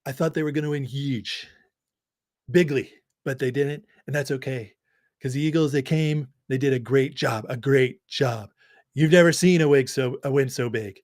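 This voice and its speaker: A man's voice: medium pitch, moderate pace, darkish tone, dry recording, clean studio sound, natural voice. A man doing a weak impression of a boastful older male president who keeps repeating himself. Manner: repeats phrases, bragging superlatives. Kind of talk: amateur impression on a livestream.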